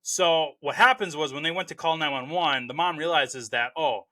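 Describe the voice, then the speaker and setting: In a casual spoken film review, a host with a sharp tone and a voice on the high side talks at normal speed. Enthusiastic and rambling, he keeps saying "you know" and restarting his sentences.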